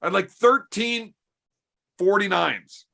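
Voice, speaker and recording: Gravelly, bright-voiced profane storyteller man. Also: high-pitched, takes it slowly. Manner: profane, animated storyteller acting out dialogue. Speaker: podcast host. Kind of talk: casual storytelling over beers.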